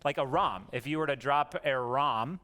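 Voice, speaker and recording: A man's voice: medium pitch, normal speed, sharp tone, a little hiss or hum. A man giving a playful home lesson to his young daughters, coaxing them to repeat words and joking as he goes. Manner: goofy, jokey, coaxing. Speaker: homeschooling parent teaching his daughters.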